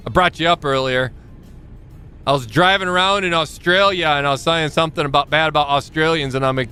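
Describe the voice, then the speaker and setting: A man streaming a trucking game, chatting casually and joking with his viewers, now and then jumping into high squeaky exclamations. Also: a little fast, bright, forceful tone, soft background music. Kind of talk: casual live-stream chat while gaming.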